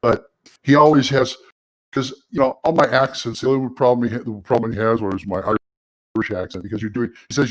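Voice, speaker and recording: A man's voice: medium pitch, a little fast, low-quality recording. A man from California with a mid-range voice, chatting casually on a podcast. He is jokey and prone to slipping into silly accents. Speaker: podcast guest, amateur stage actor and gamer.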